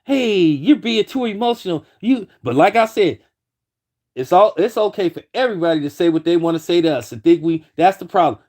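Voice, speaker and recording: A man's voice: a little high, lively intonation, fairly quick, a little mellow. A man giving a heated opinion commentary, repeating himself and restarting lines as he argues his point. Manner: heated, repetitive, many restarts.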